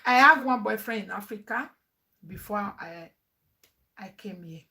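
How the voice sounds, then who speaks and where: A woman's voice: mid-range voice, measured pace, gravelly, bright, forceful tone. A woman with a Nigerian accent, a mother chatting animatedly in a family vlog, laughing often and mixing English with pidgin.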